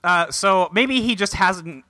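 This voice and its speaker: A man casually recapping an anime plot on a podcast, acting out characters' lines in quick voices. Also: sits high, pushed and bright. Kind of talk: casual chat.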